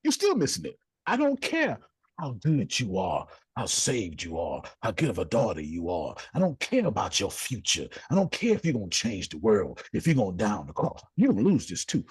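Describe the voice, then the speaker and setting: A middle-aged man leading a group video call, preaching in a blunt, slangy way with casual swearing, jumping from low asides to high exclamations. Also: wildly swooping pitch, moderate pace, husky, dry recording. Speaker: host leading a group discussion. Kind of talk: preacherly motivational talk.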